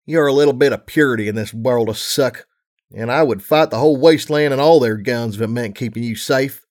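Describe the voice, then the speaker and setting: A man voicing a weary mother mare pony, gruff but loving, in a low tired plain delivery. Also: brisk, darkish tone, close to an everyday voice.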